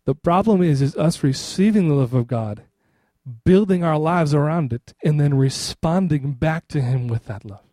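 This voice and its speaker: A middle-aged man preaching with lively, conversational energy and acting out the voices of the people he quotes. His voice sits a little high for a man. The sound is dry and close, with no room echo. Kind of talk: sermon.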